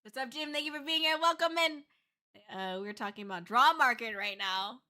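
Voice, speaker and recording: A woman's voice: high voice, moderate pace, pushed and bright. A young woman streaming as a VTuber, chatting casually, gushing and giggling over artwork with frequent squeals. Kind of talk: casual livestream chat.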